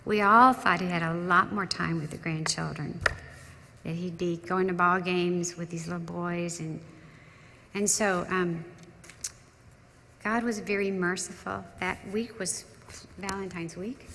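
A woman's voice: fairly low pitch, steady tone, a little slow, sharp tone, slight background noise. A woman in her sixties giving a heartfelt memorial tribute to her husband, telling stories with frequent restarts. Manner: emotional storytelling, trails off and restarts. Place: large church sanctuary. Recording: long church hall reverb with faint ambience.

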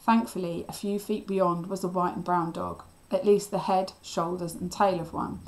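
A woman teacher reading a children's novel aloud in a steady, expressive storytelling voice. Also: on the low side, moderate pace, slight background noise, rough recording.

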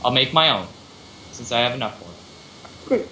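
A man with a mid-pitched, bright, forceful voice chats with friends over a game. He talks plainly and presses his point. The sound is roomy and echoey. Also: animated, normal speed, a little hiss or hum. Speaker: game player. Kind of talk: casual gaming chat. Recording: roomy echo.

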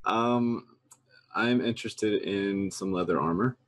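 A man chats through his turn in a tabletop game, feeling his way through his requests. His voice is very deep and sounds dry and close to the mic. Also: slow, no echo. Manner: casual, hesitant in-character asking. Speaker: player. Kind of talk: casual tabletop play.

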